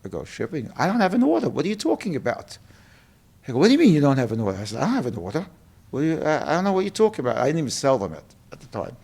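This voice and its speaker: Gravelly New York businessman telling stories. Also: medium pitch, very fast. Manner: animated storyteller acting out quotes. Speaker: guest, company co-president. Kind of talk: storytelling interview.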